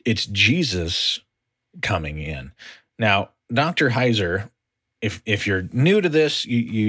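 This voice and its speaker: A man's voice: lowish voice, a bit bright. A man teaching a conversational Bible study on a podcast, explaining animatedly and often restarting his sentences. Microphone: podcast microphone.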